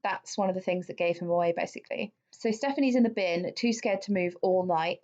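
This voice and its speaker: A woman's voice: fairly low pitch, fairly quick, a little mellow. Woman telling a true-crime story. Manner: chatty, swears freely, many fillers. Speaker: podcast co-host. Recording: dull lo-fi sound.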